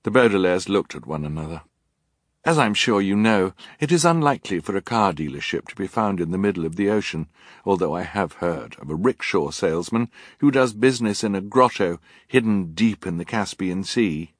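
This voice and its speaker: Brief: male audiobook narrator, low voice, dry close studio sound, wry delivery. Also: animated, moderate pace, no echo.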